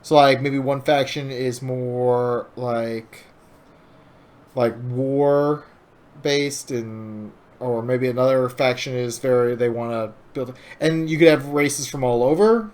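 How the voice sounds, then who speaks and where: A man's voice: medium pitch, takes it slowly, a little mellow. A man co-hosting a casual gaming podcast, thinking aloud with many fillers. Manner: hesitant, heavy on "like" and "um". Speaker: podcast co-host.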